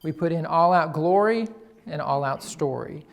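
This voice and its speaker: A man presenting a tourism marketing campaign to an audience, energetically pitching ideas and playing on words. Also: animated, normal speed, gravelly. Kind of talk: presentation to local business audience.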